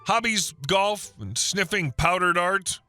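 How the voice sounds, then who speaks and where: A male narrator reads a scripted first-person story in an even, steady storytelling manner. His voice sits somewhat high and sounds very bright. Faint music runs underneath. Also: takes it slowly, no room sound.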